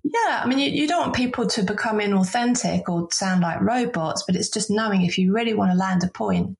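Woman guest, a coach, with a gravelly, creaky tone; earnest and explanatory in conversation. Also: medium pitch, a little fast, few pauses. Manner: earnest, explanatory, with frequent restarts. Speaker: voice and leadership coach. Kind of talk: interview conversation.

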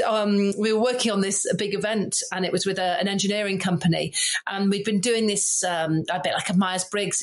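A woman in her forties, a former military pilot hosting a podcast interview, who tells lively stories and acts out the voices she quotes. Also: mid-range voice. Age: 40s.

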